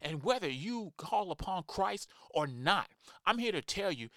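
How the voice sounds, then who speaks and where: A man's voice: high voice, very animated, a little slow, bright, forceful tone, dry recording, clean studio sound. Fired-up man preaching a sermon. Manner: impassioned, emphatic, acts out quoted voices.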